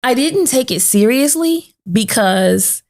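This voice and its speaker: A woman's voice: on the high side, animated, slow pace, a little mellow. A woman hosting a podcast, telling an emotional personal story and acting out the voices of the people in it. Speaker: podcast host. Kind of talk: sit-down podcast conversation.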